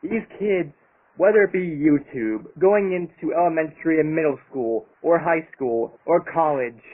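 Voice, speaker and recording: At a normal speed, a YouTuber with a fairly high voice goes on an angry, foul-mouthed, emphatic rant about his channel in a vlog monologue. The recording sounds tinny, as if over a phone.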